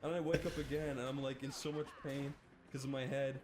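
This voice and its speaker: A man's voice: medium pitch, level tone, brisk, background noise. A man with an Irish accent telling a rambling, laughing anecdote full of fillers. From Ireland.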